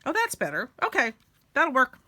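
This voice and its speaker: A woman's voice: high-pitched, huge pitch swings, normal speed, sharp tone. A middle-aged woman, hosting a casual craft tutorial and chatting while she works. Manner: chatty, self-deprecating, talks while working.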